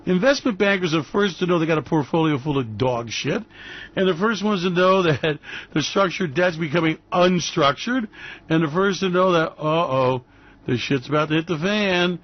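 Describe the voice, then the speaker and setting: A man's voice: fairly high pitch, normal speed, highs cut off. Brash New man ranting on radio. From New York. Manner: brash, mocking, loud bursts and laughter. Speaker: radio show host. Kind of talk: ranting commentary.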